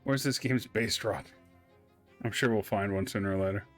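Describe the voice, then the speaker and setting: A man's voice: on the low side, normal speed, faint music behind. A man casually playing a video game on stream, reading the game text aloud with playful asides. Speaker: let's play host. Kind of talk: casual gameplay commentary.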